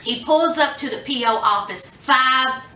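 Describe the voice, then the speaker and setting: In an echoey room and sitting distant from the mic, a woman recaps a reality show in casual, sassy chat. Her voice sits high and her pace is measured. She's animated and acts out the quotes.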